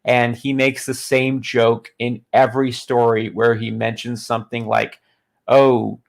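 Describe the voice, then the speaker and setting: Brief: sarcastic male streamer, deadpan, gravelly fry. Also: mid-range voice, a little slow. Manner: mocking, deadpan asides, frequent restarts. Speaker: streamer reading a book aloud. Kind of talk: sarcastic live-stream commentary.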